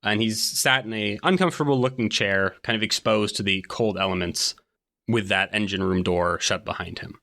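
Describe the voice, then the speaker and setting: A man with a somewhat low voice runs a tabletop game, describing scenes and explaining rules. He talks in a relaxed, explanatory way, full of small fillers. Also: moderate pace. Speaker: game master.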